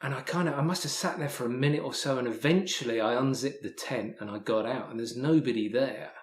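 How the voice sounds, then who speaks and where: An English man, a podcast guest, telling a story in casual talk, halting with many restarts and repeated words. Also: mid-range voice, roomy sound. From England. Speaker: podcast guest, hiker and author.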